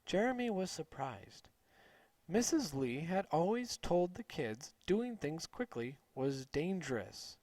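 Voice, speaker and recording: A man reading a children's story aloud slowly and clearly for English learners. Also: a little high. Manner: slow, clear, expressive.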